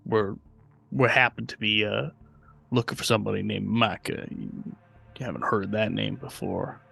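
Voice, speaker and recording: A man's voice: on the low side, fairly even intonation, moderate pace, vocal fry, sharp tone, slightly rough. A man playing his character in a tabletop game, hesitant and full of fillers. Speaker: player.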